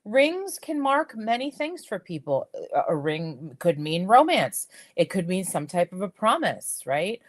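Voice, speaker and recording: A woman's voice: on the low side, a little slow, few pauses. A middle-aged woman chatting casually on a live stream about jewelry, telling stories with lots of fillers and repeated words, with a slight whistle in her speech from a missing tooth. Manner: chatty, animated storytelling with frequent fillers and repeats.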